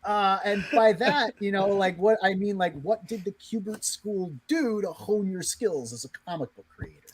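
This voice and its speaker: A man's voice: high voice, moderate pace, slightly rough. A man co-hosting a livestream, interviewing a guest in a joking way with lots of "uh" and "you know". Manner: playful, full of "uh" and "you know". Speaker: livestream co-host.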